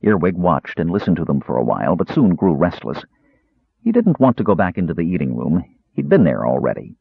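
A deep, husky male voice tells a fantasy story with expressive storytelling, his pitch swinging widely through the lines. The recording is dry and sounds dull and lo-fi. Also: brisk, no echo. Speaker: audiobook narrator. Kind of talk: scripted fantasy narration.

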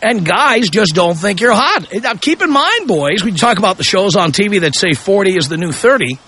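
A brash male talk radio host with a bright, husky edge to his voice. He pitches high and swings his delivery wildly up and down, needling callers with a mocking tone. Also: big pitch swings, normal speed. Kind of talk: opinionated call-in radio talk.

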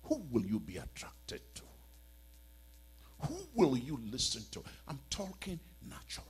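A man's voice: mid-range voice, huge pitch swings, a little slow, breathy edge. A man preaching a church sermon as a bishop, pleading and emphatic, with many rhetorical questions.

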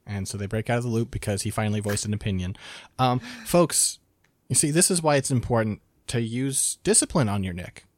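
A man co-hosting a casual podcast, teasing his partner in a deadpan way. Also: fairly low pitch, a little fast, dry recording, clean studio sound. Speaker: podcast co-host.

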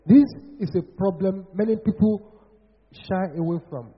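A man preaching a sermon in a declamatory way, rising into shouted prophetic chants. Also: high-pitched, unhurried, slightly rough. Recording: dull lo-fi sound.

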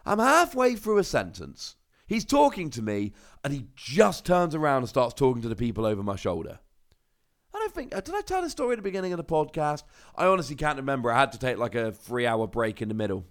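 A man's voice: mid-range voice, very animated, fast talker. A young British man from Cornwall talks through a casual solo podcast, wandering off into side stories and coming back again. His voice swings up and down a lot as he chats. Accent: British English. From Cornwall, England. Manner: chatty, rambling storyteller with asides. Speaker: podcast host.

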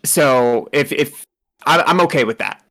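A man's voice: mid-range voice, a little slow, pushed and bright. A man narrating as game master in a casual, rambling way, laughing often.

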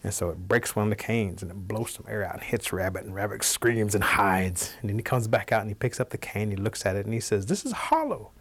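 A man telling a traditional animal folktale aloud, in a relaxed, animated, conversational way. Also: lowish voice, fast talker, hardly any pauses. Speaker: storyteller.

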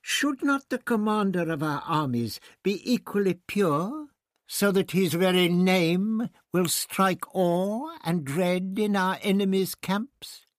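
A man voicing a sly, sneering high priest. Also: very animated, dry recording, exaggerated voice. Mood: grandiose. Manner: sly, dry, drawn-out delivery. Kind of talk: audiobook character voice.

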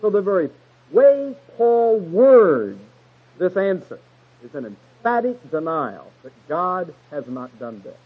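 A man's voice: high voice, very animated, slow, breathy edge, phone-quality sound. A man teaching verse by verse through a Bible passage, stressing key words emphatically and retelling the stories in a folksy way.

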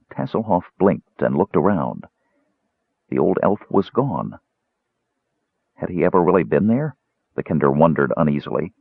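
A man's voice: very deep voice, lively intonation, moderate pace, gravelly, pauses often, husky, no echo. A man narrating a fantasy audiobook in a dramatic storytelling manner. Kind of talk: scripted narration. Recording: tinny phone-like dry sound.

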